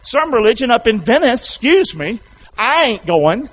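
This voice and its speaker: Loud high-voiced preacher man. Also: expressive, moderate pace, muffled recording. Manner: loud call-and-response preaching, rising to shouts. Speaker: pastor. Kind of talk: sermon.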